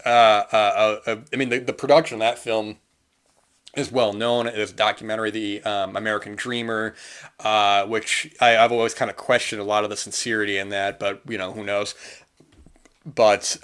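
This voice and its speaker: A man with a lowish, slightly bright voice hosts a film podcast, reviewing movies in a loose, earnest monologue. He keeps restarting sentences and leaning on fillers.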